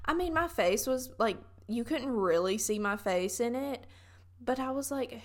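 A woman's voice: fairly high pitch, expressive, normal speed. A young woman with a Southern US accent, chatting casually in a vlog and telling stories with lots of fillers.

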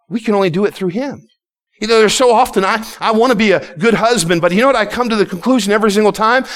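A man's voice: high voice, fairly bright tone. A man preaching a sermon to his congregation, impassioned and repetitive, often stumbling and restarting his words. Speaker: pastor.

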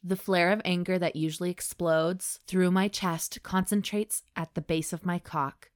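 A woman hosting a comedy podcast, reading an erotic story aloud in a deadpan voice between jokes. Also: on the low side, moderate pace, no room sound, clean studio sound. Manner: deadpan reading broken by laughing asides. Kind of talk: dramatic reading with comic banter.

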